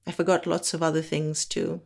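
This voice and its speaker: A woman performing a spoken word monologue from Africa, with a measured, deliberate delivery and slow emphatic pauses. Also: low-pitched, level tone, vocal fry.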